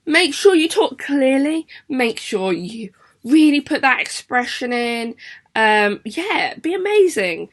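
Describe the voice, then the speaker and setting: A young woman, a primary school teacher giving a chatty, encouraging video lesson to children. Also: on the high side. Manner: chatty, encouraging, sing-song questions to pupils.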